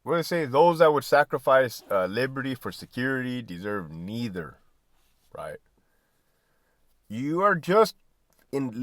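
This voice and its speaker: A man's voice: medium pitch, a bit bright, dry recording, clean studio sound. A man who was a prison lieutenant, talking bluntly and profanely to viewers, often tagging "right?" and "man". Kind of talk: candid casual monologue.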